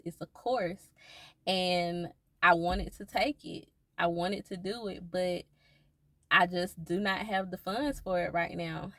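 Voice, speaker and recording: A woman with a low, gravelly voice speaks earnestly to her viewers, offering faith-based encouragement. She repeats her reassurances warmly and steadily. The sound is dry and close. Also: no echo. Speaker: faith vlogger.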